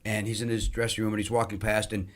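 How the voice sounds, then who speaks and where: A man chatting as a podcast guest, an animated storyteller who acts out the people in his tales. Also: on the low side, quick pace. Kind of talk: casual chat, storytelling.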